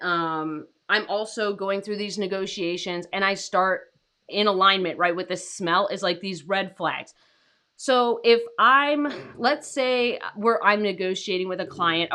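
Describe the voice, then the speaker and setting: A woman's voice: mid-range voice, pushed and bright. Chatty woman coaching on a livestream. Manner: chatty, many fillers and rhetorical "right?"; acts out client dialogue in quick asides. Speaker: freelance writing coach. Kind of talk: livestream teaching.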